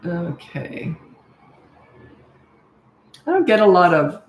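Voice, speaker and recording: A woman's voice: fairly low pitch, very animated, takes it slowly, reverberant, a little hiss or hum. An older woman coaching parents in a casual live Q&A, talking directly with plenty of fillers. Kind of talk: live Q&A, reading and answering comments.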